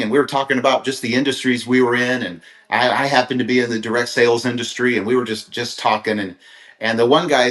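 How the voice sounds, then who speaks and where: A middle-aged motivational speaker from Kansas gives an earnest, rambling talk on a livestream, telling stories and often restarting his sentences. His voice is medium in pitch and a bit bright, set in an echoey room.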